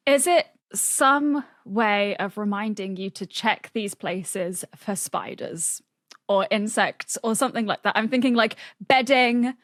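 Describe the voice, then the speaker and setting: A woman's voice: mid-range voice, unhurried, no echo, clean studio sound. A woman guest on a podcast puzzle panel, chatting and laughing easily. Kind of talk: casual panel game chat.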